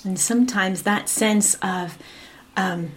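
A woman meditation teacher giving a gentle, unhurried dharma talk, her phrases often fading to a whisper and punctuated by a soft "yeah". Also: mid-range voice. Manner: frequent affirming "yeah" between phrases.

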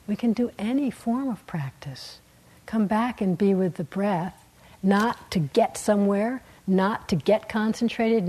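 A woman meditation teacher giving a dharma talk in a gentle, unhurried way, laughing softly and letting her endings fall quiet. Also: medium pitch, breathy edge, low-quality recording. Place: meditation hall.

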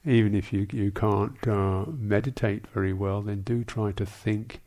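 A man, a Buddhist monk teacher, answering questions in a dharma talk, speaking in a halting, thoughtful way with many restarts and small asides. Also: fairly low pitch, fairly even intonation, warm tone.

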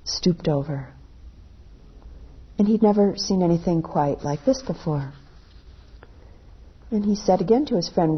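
A woman meditation teacher telling a story in a dharma talk, unhurried, her voice dropping softly at the ends of phrases, on a dull lo-fi recording. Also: lowish voice, lively intonation, breathy edge.

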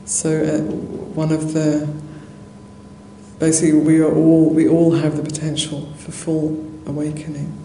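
A Buddhist nun giving a dharma talk in a monastery hall, telling a story conversationally with soft laughs and many fillers. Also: female voice, low voice, monotone, measured pace. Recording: roomy hall echo, faint noise.

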